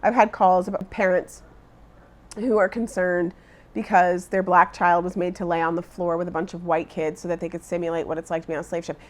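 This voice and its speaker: A middle-aged woman speaking as an education advocate in an interview, measured, earnest and emphatic. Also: fairly low pitch, level tone.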